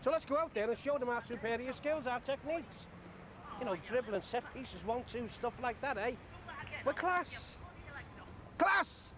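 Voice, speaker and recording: An actor playing a hapless, blustering middle-aged football manager who gives gruff, blunt pep talks. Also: male voice, extremely high pitch, fairly quick, crowd noise. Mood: rallying. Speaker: national football team manager. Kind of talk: film acting.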